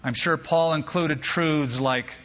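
A male pastor preaching a sermon, an animated storyteller who drops humorous asides. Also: a little high, slow pace, big-room sound, muffled recording.

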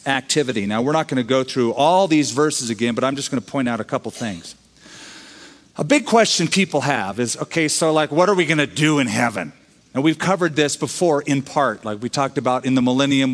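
Pastor preaching in a reverberant hall. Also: male voice, mid-range voice. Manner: conversational preaching with quoted voices and humor. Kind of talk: sermon.

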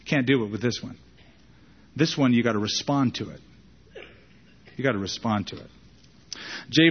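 A male pastor preaching in a conversational, emphatic style, often repeating key phrases and jumping up in pitch to stress a point. His voice sits mid-range for a man. The recording is dull and lo-fi, with the long reverb of a large sanctuary. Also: slightly rough. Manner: conversational, repetitive emphasis, dramatic pitch jumps. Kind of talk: sermon. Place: church sanctuary with pulpit.

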